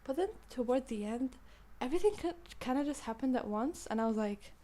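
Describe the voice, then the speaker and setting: Young female book reviewer, British-sounding accent, soft mellow timbre, playful rambling chat. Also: sits high, animated, fairly quick. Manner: rambling, self-interrupting, playful. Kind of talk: casual chat.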